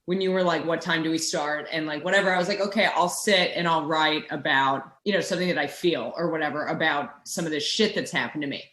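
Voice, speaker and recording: A woman's voice: low voice, quick pace, few pauses, fairly bright tone, roomy sound. A woman co-hosting a podcast in casual chat, rambling and wry, often laughing through her words. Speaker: podcast co-host.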